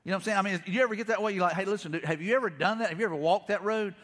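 Middle-aged preacher, rapid storyteller with a slightly high voice, recorded live with long hall reverb. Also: male voice, a bit bright. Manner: storytelling, acts out quotes, frequent repeats. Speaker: pastor. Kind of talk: conversational sermon.

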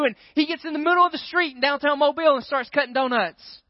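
A man's voice: very high voice, fast, few pauses, dry recording. A man preaching a sermon, telling a story with animation and checking in with the crowd. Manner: animated storyteller, keeps asking the crowd "right?". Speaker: pastor. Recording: dry, dull lo-fi sound.

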